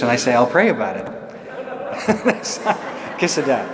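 Chatty priest in an echoey church. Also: male voice, deep voice, slight background noise. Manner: chatty, self-deprecating, laughs often. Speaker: parish priest. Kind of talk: homily with personal story.

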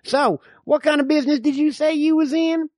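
A man voicing a nosy, rambling, bigoted old frontier man who talks in slow, folksy slang. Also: very high-pitched, steady tone, a little mellow, dry recording, studio quality, voice pushed up. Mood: suspicious.

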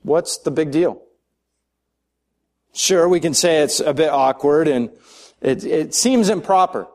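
A man's voice: fairly high pitch, takes it slowly, darkish tone. Man preaching in a conversational way. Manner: conversational and searching, with frequent restarts and asides. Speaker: pastor. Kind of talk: sermon.

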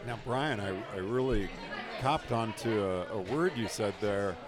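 A man's voice: lowish voice, measured pace, music in the background. A man interviewing ski coaches, upbeat and joking. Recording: crowd noise outdoors. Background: crowd.

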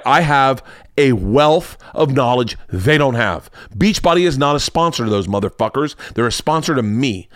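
Male podcast host, off-script ad reads, profane and excitable, dry room. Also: mid-range voice, dry recording. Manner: rambling, profane, self-interrupting; hyped shouting bursts. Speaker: podcast host reading ads. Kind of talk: loose ad read.

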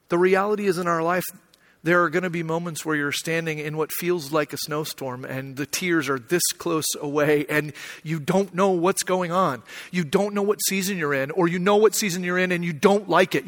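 A young man from Arizona preaching a sermon in a high, bright voice. He tells a story in a loose, conversational way, full of fillers and feeling. The sound carries a long hall reverb. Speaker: pastor.

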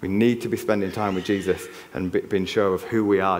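A man's voice: low-pitched, steady tone, a little fast, slight background noise. Earnest Yorkshire man preaching in a hall. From Yorkshire, England. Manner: earnest, conversational, frequent restarts. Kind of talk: church sermon. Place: church hall. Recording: long reverb of a church hall.

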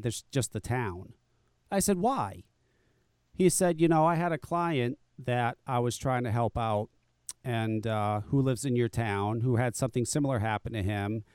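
Man, casual storytelling, blunt and profane, acts out quoted people, stammered restarts, smooth resonant voice, dry close sound. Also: mid-range voice, darkish tone, no echo. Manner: frequent restarts and stammered repeats. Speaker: podcast guest telling his story.

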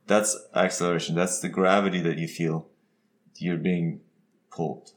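A man's voice: low voice, little pitch movement, moderate pace. A man co-hosting a podcast, explaining things casually and with enthusiasm. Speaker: podcast co-host.

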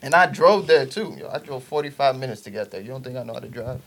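A man's voice: medium pitch, fast, background noise. A young man from the Boston area, telling a story in casual chat with friends and acting out the voices he quotes. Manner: animated storytelling, acts out quoted voices, laughs through lines.

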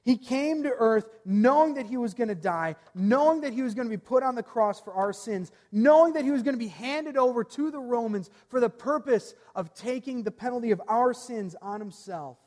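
A man pastor preaching a sermon earnestly, reading scripture aloud and letting his phrase ends fall soft. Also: very high-pitched, expressive, moderate pace, hardly any pauses, big-room sound.

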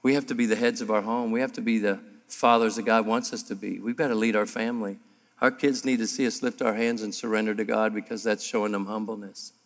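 A man preaching a sermon to a room of men, emphatic and humorous, and his voice climbs higher and louder as he builds. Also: steady tone, quick pace. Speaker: pastor. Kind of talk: sermon at a men's breakfast. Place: large room before an audience. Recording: live hall with long reverb.

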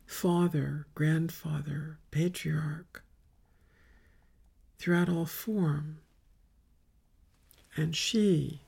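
A woman leads a meditative spiritual retreat talk, speaking very slowly with a gravelly, husky edge. She often sinks into a near whisper and lets phrases pile up in long, chant-like lists. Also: low voice. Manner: soft, often dropping to a whisper, incantatory lists.

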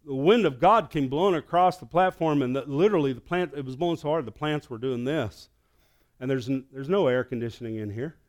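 Storytelling pastor with a slightly high voice. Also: male voice. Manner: storytelling, swings from hushed to loud excited peaks. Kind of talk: sermon. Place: church sanctuary.

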